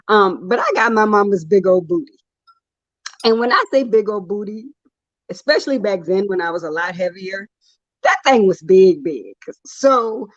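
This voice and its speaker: A woman's voice: medium pitch, no room sound, dull audio. A woman in her thirties, a poet guest, telling candid and humorous stories in casual chat. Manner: candid, humorous storytelling with laughs.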